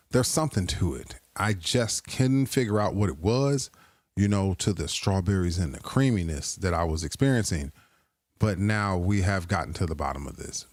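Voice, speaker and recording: A man with a somewhat low voice hosting a casual livestream, rambling and joking at his own expense. His voice is recorded close and dry, with no room sound. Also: darkish tone, no room sound. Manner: rambling, joking, self-deprecating. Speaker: livestream host. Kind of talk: casual livestream chat reacting to clips.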